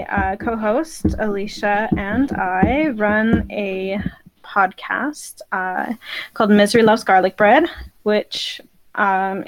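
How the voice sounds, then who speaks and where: A young Canadian woman with a Canadian accent, chatting as a podcast guest in a giggly, self-deprecating way. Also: mid-range voice. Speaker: podcast guest, co-host of her own show. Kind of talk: casual interview chat.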